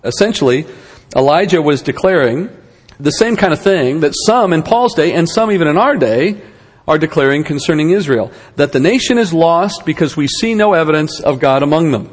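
A man's voice: a little high, animated, normal speed, slightly rough, big-room sound. A man giving a conversational Bible lesson, with rhetorical questions and wry asides. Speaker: Bible teacher.

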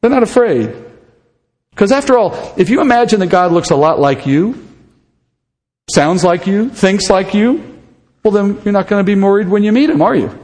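A man's voice: high voice, expressive, moderate pace, pauses often, darkish tone. Conversational male preacher in a reverberant hall. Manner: conversational, asks the listeners questions. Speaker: pastor. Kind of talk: expository sermon.

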